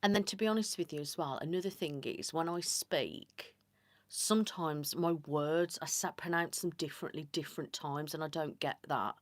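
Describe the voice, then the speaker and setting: Low-voiced Staffordshire woman chatting softly. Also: dry recording. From Staffordshire, England. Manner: rambling and chatty, drifting into soft whispered asides. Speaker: ASMR channel host. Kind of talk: casual live-stream chat.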